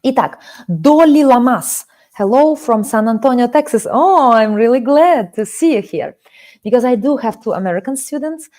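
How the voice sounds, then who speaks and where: This live-streamed Russian class is taught by a Russian-accented woman in her forties from the Kaliningrad region, who switches languages and reads out the chat. Her fairly high voice is animated and a little mellow, moving at a moderate pace.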